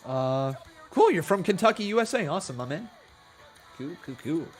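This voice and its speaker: A Canadian man hosting a live stream, from Ontario, with a high, lively voice that leaps around. He is excitable, laughing often and whooping when donations come in. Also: moderate pace, faint music behind. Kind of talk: live watch-along commentary.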